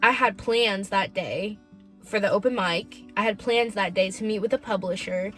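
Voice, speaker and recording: Young woman vlogger, mid-range voice, candid and emotional, chatty with "like", soft music bed. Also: mid-range voice, normal speed. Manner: emotional, candid, heavy use of "like". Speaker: podcast host. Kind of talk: personal confessional vlog.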